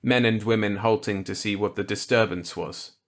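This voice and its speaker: A man narrating a grim short story in a measured, deliberate way. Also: fairly low pitch, a bit bright. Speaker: audiobook narrator. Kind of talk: scripted narration.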